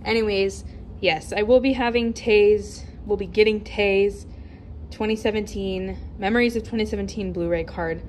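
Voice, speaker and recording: A woman's voice: medium pitch, normal speed, slight background noise. Chatty, slightly breathless young woman. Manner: chatty, excited, rambling with frequent restarts. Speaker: collector showing a collection. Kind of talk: casual flip-through vlog.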